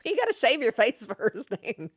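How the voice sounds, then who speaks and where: A woman's voice: fairly high pitch, huge pitch swings, moderate pace, no echo, clean studio sound. A young woman streamer chatting casually with her viewers and reading their messages, laughing often. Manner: chatty, reads and answers chat, laughs often. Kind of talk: casual live-stream chat.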